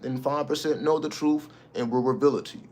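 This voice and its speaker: A channel host speaks in a medium-pitched, darkish voice with fairly even intonation and a slightly fast pace. His casual spiritual monologue is emphatic and preachy, and he swears freely.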